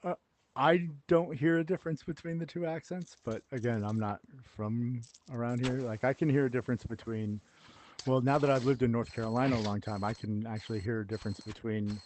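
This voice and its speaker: A man's voice: mid-range voice, brisk, a little mellow, slight background noise. A middle-aged man hosting a stream, chatting casually and laughing often while he teases. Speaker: streamer host. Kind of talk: casual chat while gaming.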